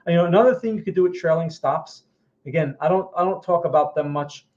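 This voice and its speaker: A man's voice: a little high, quick pace, darkish tone. A man with a New Jersey accent hosting a live stream of chart commentary, talking bluntly and frankly and often tagging on "right?". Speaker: market analyst host. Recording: slightly muffled lo-fi audio.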